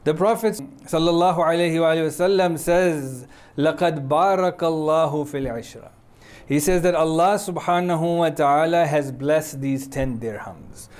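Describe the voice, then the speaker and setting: A man preaching in a relaxed, conversational way, telling a story and often pausing to check in with his listeners. His voice sits a little high for a man, and he runs through short Arabic quotations quickly before explaining them. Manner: conversational, frequent checking "yeah?" with audience; quotes Arabic passages swiftly. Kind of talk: sermon storytelling.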